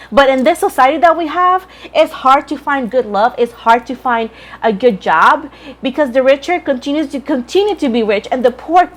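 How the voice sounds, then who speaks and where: A woman gives a relaxed tarot reading, speaking in a fairly high voice. She is chatty and frank, talks straight to her viewers and calls them pet names. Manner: chatty, frank, addresses viewers as boo and Libra. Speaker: tarot reader. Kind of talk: casual tarot reading to camera.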